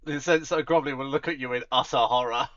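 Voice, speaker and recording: A man's voice: medium pitch, fast, a bit bright. A man narrating a tabletop game as game master, chatty and laughing often. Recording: dull lo-fi sound.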